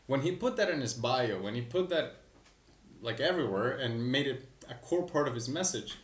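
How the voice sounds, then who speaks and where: A man's voice: mid-range voice, animated. Candid man in an echoey room. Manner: candid, self-deprecating, quick asides. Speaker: business coach. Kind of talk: casual talking-head explanation. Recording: echoey room, mic at a distance.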